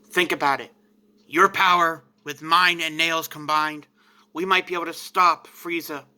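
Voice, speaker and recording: A man voicing a gruff, serious male alien warrior who speaks bluntly and persuasively. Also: a little high, fairly even intonation, a little slow, pushed and bright.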